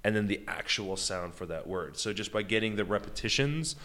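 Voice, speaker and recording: A man's voice: on the low side, animated, fairly quick, bright, forceful tone. An American man chatting enthusiastically as an interview guest, with lots of "like" and "you know". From United States. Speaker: beatboxer and guest. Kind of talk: casual interview chat.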